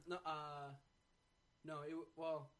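A man's voice: a little high, level tone, takes it slowly, fairly bright tone. Playful male podcast co-host. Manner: jokey, playful, makes things up. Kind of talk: casual chat.

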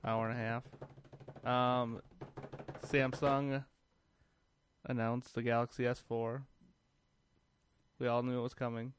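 A man's voice: medium pitch, flat delivery, slow pace, long pauses, slight background noise. A man co-hosting a tech podcast, rambling casually with dry jokes. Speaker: podcast co-host. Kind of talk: casual chat.

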